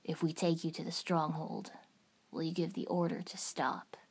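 A grave teenage boy with a rasping near-whisper, as a woman reads him aloud. He speaks slowly and earnestly, with a low, husky tone. This comes from a fan fiction audiobook reading. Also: level tone. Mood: solemn. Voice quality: raspy, hushed near-whisper.

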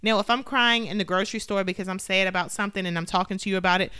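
A woman co-hosting a podcast, talking in a casual, animated and opinionated way. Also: mid-range voice, very fast, clean tone, no room sound, studio quality. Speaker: podcast co-host. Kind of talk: casual chat.

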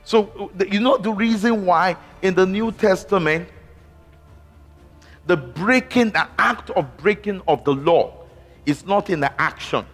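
A man preaching a sermon slowly and emphatically, with repeated interjections of praise. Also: high voice, a bit bright. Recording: long hall reverb with faint music.

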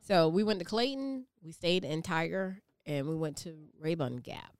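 A woman's voice: fairly low pitch, lively intonation, moderate pace, clear, resonant tone, no room sound. A woman from Savannah, Georgia, chatting casually and teasingly, with many fillers. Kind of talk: casual chat.

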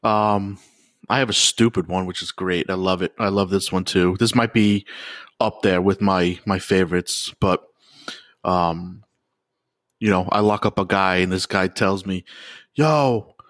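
A man's voice: low voice, fairly even intonation, measured pace, a bit bright, dry recording, clean studio sound. A man who works as a police officer, chatting casually and acting out lines of the people he arrests. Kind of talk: casual podcast chat.

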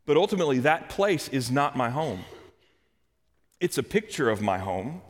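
A man's voice: very animated, normal speed. Preaching man in a reverberant hall. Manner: conversational, dramatic swings in pitch and volume. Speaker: pastor. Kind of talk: sermon.

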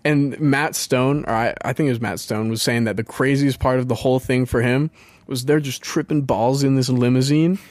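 A man's voice: medium pitch, steady tone, normal speed, darkish tone, dry recording. A young man with a slight lisp, chatting casually as a podcast co-host, rambling, laughing and stumbling over his words. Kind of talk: casual chat.

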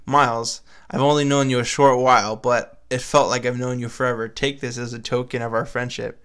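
An earnest young hero who speaks with mock solemnity, as a man reads his lines aloud. His voice sits at a middle pitch. The words come from a comic fan story. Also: little pitch movement, a little fast, fairly bright tone, smooth, natural voice.

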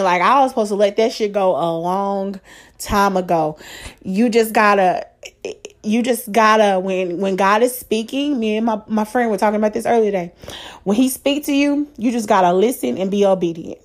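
A woman's voice: fairly high pitch, moderate pace. A woman hosting a casual solo podcast, talking emphatically, swearing freely and throwing rhetorical questions at her listeners. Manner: emphatic, swears freely, fired-up pep talk. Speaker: podcast host.

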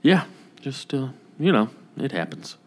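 A man's voice: medium pitch, sing-song, a little slow, a little mellow. A man co-hosting a podcast in casual chat, telling stories in a laid-back, rambling way with joking asides. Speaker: podcast co-host.

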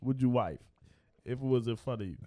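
A man's voice: mid-range voice, a little fast, crowd noise. A man co-hosting a casual podcast, talking loosely and teasing, reading posts aloud. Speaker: podcast co-host. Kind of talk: casual chat.

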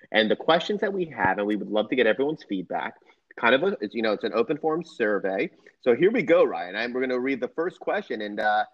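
Rambling man in his thirties, dull sound. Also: lowish voice. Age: 30s. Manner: rambling, repeats himself. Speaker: podcast co-host. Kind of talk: casual chat.

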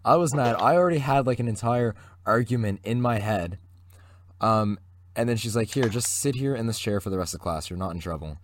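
A Canadian teenage boy co-hosts a podcast, his voice on the low side, animated and a little fast, with no room sound. He's telling a rambling story in casual chat, full of fillers and restarts.

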